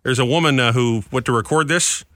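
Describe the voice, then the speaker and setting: A man co-hosting a casual podcast, joking and animated as he tells news stories and banters with his co-host. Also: medium pitch, brisk, dry recording. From New England. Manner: joking, animated, slips into put-on voices. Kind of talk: casual chat.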